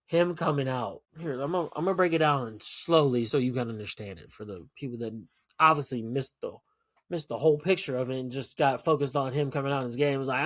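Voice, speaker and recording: A man hosting a solo podcast, talking casually in a blunt, profane, animated rant. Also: mid-range voice, a little fast, no echo, clean studio sound. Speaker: podcast host.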